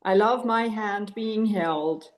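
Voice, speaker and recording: A woman's voice: medium pitch, slow, roomy sound. A woman from Canada, speaking in a grateful, rambling way about her course. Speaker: course participant.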